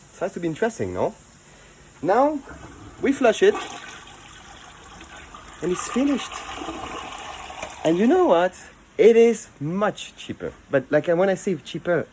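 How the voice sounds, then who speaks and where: Man, French accent, slightly high voice, chatty, eager how-to host. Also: slight background noise, rough recording. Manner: enthusiastic, chatty, drops to a soft aside now and then. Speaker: eco-cleaning video host. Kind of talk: casual how-to demonstration.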